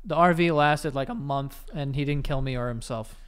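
A man's voice: medium pitch, normal speed, fairly bright tone, clear, resonant tone. A man co-hosting a podcast, trading blunt, profane, slangy banter in casual chat. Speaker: podcast co-host.

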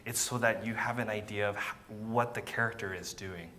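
A man's voice: lowish voice, steady tone, brisk, pushed and bright, slight background noise. A man teaching a violin masterclass, encouraging and patient, often repeating words and counting beats aloud. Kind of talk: masterclass coaching.

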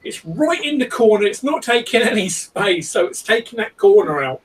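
A man's voice: high voice, big pitch swings, moderate pace. A man hosting a 3D printing channel, chatting in a rambling, self-deprecating way from his cramped home office. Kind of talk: casual chat. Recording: distant mic with faint room hiss.

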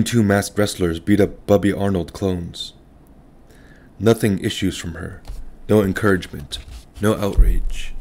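A man narrating a literary story in the first person, calm and reflective. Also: low-pitched. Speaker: audiobook narrator.

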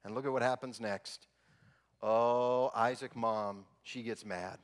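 A man's voice: mid-range voice, fairly even intonation, slow pace. A man preaching a sermon as pastor, telling stories with jokes in a conversational way. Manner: humorous, conversational storytelling. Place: church sanctuary. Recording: long reverb in a church hall.

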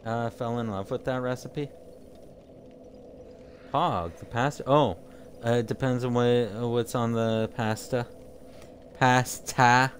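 A man's voice: mid-range voice, fairly even intonation, unhurried, pauses often, a little mellow, a little hiss or hum. A man streaming a video game, chatting casually with viewers and often tripping over his words. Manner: rambling, jokey, trips over his words. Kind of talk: casual chat with live viewers while gaming.

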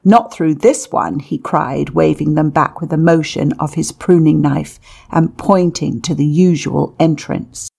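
A woman reads a memoir aloud in a measured, deliberate manner. Her voice is low and gravelly with a husky edge, and she takes her time over every phrase. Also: little pitch movement, warm tone. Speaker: narrator. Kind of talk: audiobook narration of a memoir.

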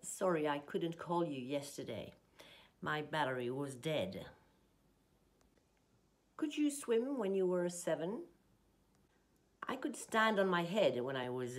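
A woman teaching an English lesson, reading example sentences and explaining grammar in a slow, deliberate way. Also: deep voice, lively intonation.

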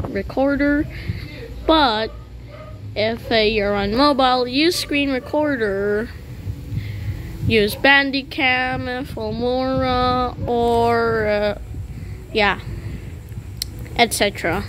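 A woman's voice: fairly high pitch, a bit bright, slight background noise, poor audio. A woman giving casual commentary over gameplay, rambling and joking with meme references. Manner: rambling, jokey, meme-quoting. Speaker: gaming channel host.

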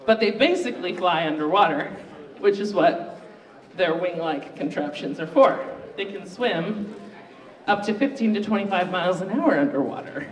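A host running a live student pitch contest in a university library event room. The host is chatty and upbeat and pokes fun at their own slip-ups. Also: distant mic. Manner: upbeat, chatty, self-mocking. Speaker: game show host. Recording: roomy, echoey room recorded from afar.

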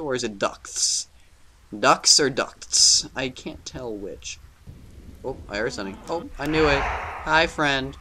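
A man giving jokey let's-play commentary on a horror game, talking back to the game and swinging between loud bravado and muttering. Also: on the high side, sing-song, unhurried. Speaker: gaming video host.

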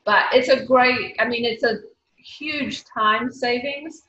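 A woman's voice: a little high, slow, sharp tone, a little hiss or hum. A woman with a Southern accent on a video call, casually explaining things to a panel in a chatty way with many fillers. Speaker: recruiter on a panel. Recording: muffled echoey video call audio.

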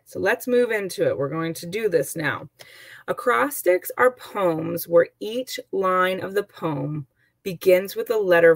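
A woman's voice: fairly low pitch, gravelly, no room sound. A woman teacher giving an online lesson, chatty and explaining with examples and asides.

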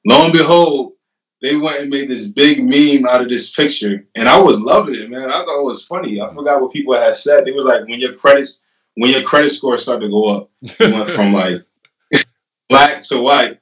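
Young male interview guest, casual storyteller who keeps retelling conversations, mid-pitched, recorded a little off-mic in an echoey room. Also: normal speed. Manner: animated, laughing retelling with lots of "I'm like". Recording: roomy and a bit distant from the mic.

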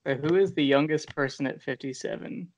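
A man's voice: on the high side, fairly quick, darkish tone. A man co-hosting a casual podcast, chatting in an easygoing, dry way. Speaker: podcast co-host. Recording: dull lo-fi podcast mic.

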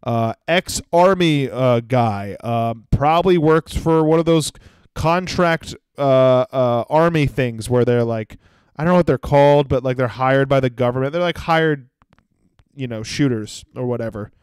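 A young man hosting a comedy podcast, ranting crudely and mocking people with quick impressions. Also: medium pitch, a little mellow, smooth, dry recording, studio quality. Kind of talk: solo comedic rant.

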